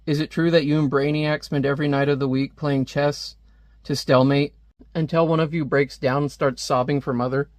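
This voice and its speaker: A man's voice: fairly high pitch, little pitch movement, a little fast, no echo, studio quality, natural voice. Smug taunting genius villain, read by a man. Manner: mocking, taunting. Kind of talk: reading comic dialogue aloud.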